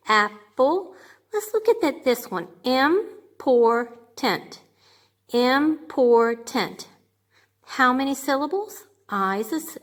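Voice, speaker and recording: A woman's voice: on the high side, fairly bright tone. Patient teacher woman sounding words out. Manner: patient, repeats okay often, sounds words out slowly. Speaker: grade two teacher. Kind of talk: remote lesson for young children.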